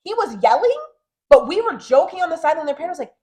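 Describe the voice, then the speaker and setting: A woman in her thirties co-hosting a podcast, chatting casually and animatedly, often acting out what others said. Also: extremely high pitch. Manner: animated, talks fast and acts out quotes. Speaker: podcast co-host. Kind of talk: casual chat.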